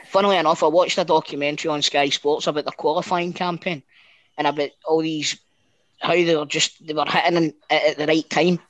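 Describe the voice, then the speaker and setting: A middle-aged Scottish man telling a long, animated story in casual chat, swearing freely and often restarting his sentences. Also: on the high side, low-quality recording.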